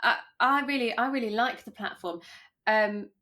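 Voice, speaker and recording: A woman co-host with a higher voice and a very bright, sharp tone. She asks quick, curious questions in a casual chatty way. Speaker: podcast co-host. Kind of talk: casual interview chat.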